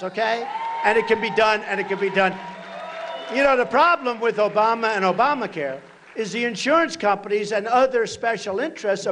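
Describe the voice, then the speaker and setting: High-pitched man in his sixties, emphatic rally speech. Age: 60s. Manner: repetitive, emphatic, punchy short phrases; breaks into shouting to the crowd. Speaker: political candidate at a rally. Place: large rally venue.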